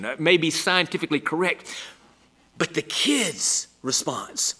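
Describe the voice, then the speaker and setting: Emphatic preacher man, bright-voiced. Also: fairly high pitch, lively intonation, measured pace. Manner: emphatic, swings from loud exclamations to hushed whispers. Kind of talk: sermon.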